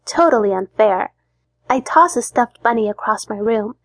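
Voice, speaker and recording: A woman narrates a first-person audiobook in a sulky, petulant young-adult tone. Her voice sits fairly high, and the close studio recording is bone dry. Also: lively intonation, moderate pace, husky, no room sound.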